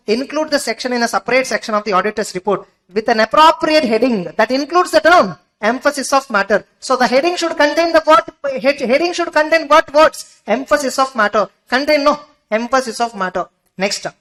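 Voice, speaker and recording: A woman's voice: on the high side, fairly bright tone, rough recording. A woman with an Indian English accent teaching an exam-prep lecture, keeps asking the class whether they follow.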